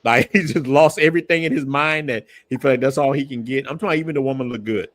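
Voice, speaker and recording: A man hosting a casual live stream, breaking in loudly and talking in casual slang. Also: mid-range voice, fast talker. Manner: loud interjections, casual slang. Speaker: host.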